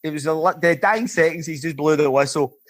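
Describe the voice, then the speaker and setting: A Scottish man in his fifties, a former footballer and podcast guest, telling lively rambling stories and swearing freely. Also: on the high side, a little fast. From Scotland. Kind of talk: casual anecdotal storytelling.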